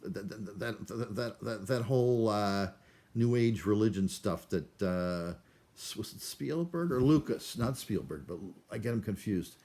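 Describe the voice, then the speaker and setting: A man with a lowish voice rambling through a vlog monologue, full of restarts. He talks in a self-deprecating, neurotic way, wandering from topic to topic. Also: a little slow, warm tone. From Cleveland, USA. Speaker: vlogger.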